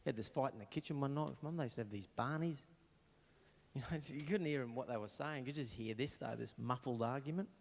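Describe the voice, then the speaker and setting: A man's voice: medium pitch, quick pace, gravelly, long reverb tail, slight background noise. Australian man telling crude stand-up stories. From Queensland, Australia. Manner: crude storytelling, mimicking his parents' voices. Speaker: stand-up comedian. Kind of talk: stand-up comedy routine.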